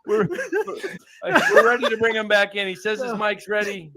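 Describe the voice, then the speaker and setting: A man's voice: high-pitched, very animated, unhurried, a crowd in the background. A man hosting a casual livestream chat, bantering playfully and teasing his guest. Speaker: host.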